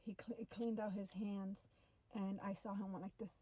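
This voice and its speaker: Animated young woman telling a story. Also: medium pitch, normal speed, poor audio. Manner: animated, breathless retelling with many "like" fillers. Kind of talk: casual first-person storytelling to camera.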